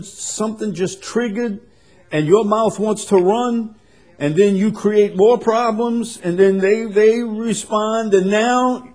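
A man preaching a sermon, swinging from quiet and conversational to loud, emphatic passages. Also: high voice. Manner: builds to loud emphatic preaching, then drops soft. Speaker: pastor.

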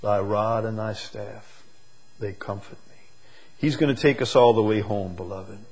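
Husky man preaching with rising emphasis. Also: on the low side, steady tone. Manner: swings from soft, slow reflection to loud emphatic peaks. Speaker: pastor. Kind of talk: sermon.

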